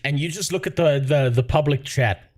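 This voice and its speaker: A man's voice: a little high, normal speed, darkish tone, soft background music. A man chatting casually on a livestream, profane and rambling, talking to his viewers. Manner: profane, rambling, laughs often. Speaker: streamer.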